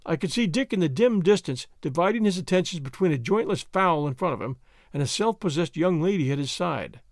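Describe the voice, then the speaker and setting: A man narrating an audiobook in a measured, expressive storytelling manner. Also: a little high, no room sound, studio quality.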